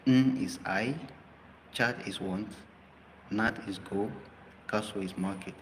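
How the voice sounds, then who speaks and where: A man's voice: on the low side, unhurried, pauses often, fairly bright tone, long reverb tail, a little hiss or hum, poor audio. A man teaching a language lesson, hesitant with many fillers, spelling words out letter by letter. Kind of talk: live language lesson talk.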